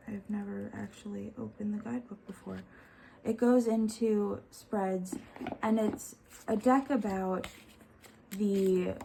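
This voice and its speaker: A young woman hosts her tarot vlog in a relaxed, unhurried way. Her voice is mellow and soft-edged, and she gushes with open enthusiasm, at medium pitch. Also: gravelly, slight background noise, poor audio. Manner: gushing, enthusiastic. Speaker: tarot vlogger. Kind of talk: casual chat.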